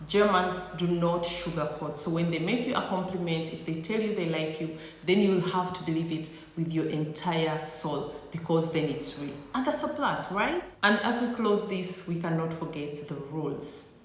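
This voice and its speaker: A woman's voice: fairly low pitch, moderate pace. Sassy woman vlogger in an echoey room. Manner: sassy, teasing, playful exaggeration. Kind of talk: comedic talk to camera. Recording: echoey room with long reverb.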